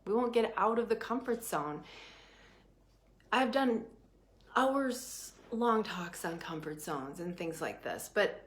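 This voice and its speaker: Her mid-range voice carries an emphatic, animated motivational class talk as she coaches on prosperity. She often tosses in "right?" and shifts abruptly between fast bursts and slow, drawn-out lines.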